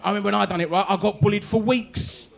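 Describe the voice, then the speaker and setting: Man in his forties, Cockney London accent, stand-up comic, high voice, chatty, tags lines with "right?". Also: fairly even intonation, quick pace, vocal fry. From East London, England. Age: 40s. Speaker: stand-up comedian. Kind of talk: stand-up comedy set. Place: comedy club stage.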